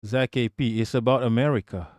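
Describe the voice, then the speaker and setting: A man's voice: mid-range voice, fairly even intonation, a little fast, a little mellow, dry recording, studio quality. A man live-streaming, reacting to a video and his chat in brash, profane casual talk.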